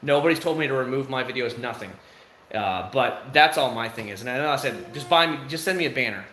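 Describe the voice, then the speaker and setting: A man's voice: medium pitch, lively intonation, fairly quick, a bit bright, roomy sound, slight background noise. A man hosting a livestream, chatting casually with viewers in a candid, rambling way full of fillers, outside his home. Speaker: livestream host. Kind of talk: casual chat answering viewers.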